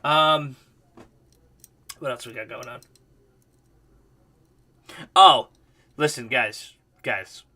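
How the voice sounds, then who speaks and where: A man's voice: mid-range voice, extremely slow, pauses often, bright, forceful tone. A male livestream host telling a rambling, profane story in casual chat.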